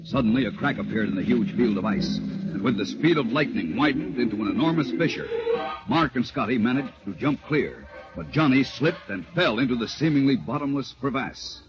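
A man's voice: mid-range voice, animated, fairly quick, music in the background. A man narrating an old-time radio drama in a dramatic storytelling delivery, on a lo-fi recording.

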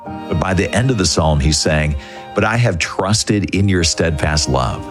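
A man's voice: low-pitched, animated, unhurried. A man speaking earnestly and reflectively as the speaker of a short radio devotional, in a conversational tone. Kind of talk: gentle devotional talk. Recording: music bed behind voice.

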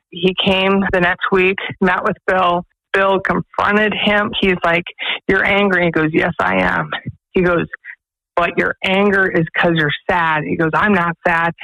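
The director of a pregnancy resource center, a woman with a lowish, creaky, somewhat bright voice, earnestly tells stories and quotes others as a guest on a studio radio interview. The audio is dull but has no echo.

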